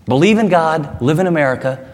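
A man's voice: fairly high pitch, animated, fairly quick, darkish tone, a little hiss or hum. A male pastor preaching a sermon in an emphatic, conversational way, often posing rhetorical questions, recorded with the long reverb of a large hall.

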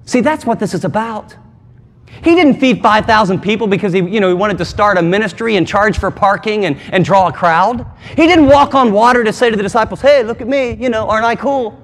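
A man's voice: sits high, fairly quick. A man preaching a sermon as pastor, emphatic and conversational, with dramatic asides. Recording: long hall reverb.

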